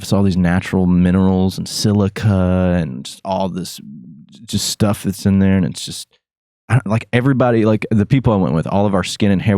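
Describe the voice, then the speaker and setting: Goofy low-voiced man chatting loosely. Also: a little mellow, no room sound, clean studio sound. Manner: goofy, laughing, loose storytelling. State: high. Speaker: podcast host. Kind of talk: casual chat.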